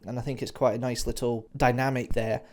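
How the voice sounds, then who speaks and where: A man of middle pitch talks through his thoughts on an audio drama in a loose, casual way. He is chatty and enthusiastic, often circling back to the same friendly phrases. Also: little pitch movement, a little fast, a little mellow. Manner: chatty, enthusiastic, repeats "nice little" and "interesting". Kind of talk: casual spoken review.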